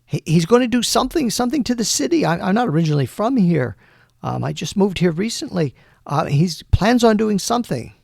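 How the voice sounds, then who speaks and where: A man raises his voice to play a frightened young woman caught up in a tabletop adventure. She stammers and repeats herself as she pleads, in a high but gravelly voice. The sound is close and dry. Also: sing-song, brisk, no room sound, exaggerated voice. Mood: scared, pleading.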